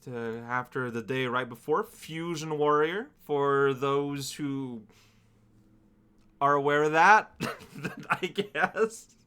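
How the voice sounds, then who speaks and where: A man's voice: on the high side, takes it slowly, pushed and bright, clear, resonant tone. A man hosting a video, chatting casually and reading viewer letters aloud with frequent laughs and fillers.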